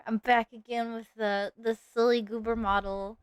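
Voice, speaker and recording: A woman's voice: on the high side, little pitch movement, normal speed, few pauses, smooth, dry recording, clean studio sound. Goofy, rambling woman streamer. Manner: goofy, rambling, self-mocking. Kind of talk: casual live-stream chat.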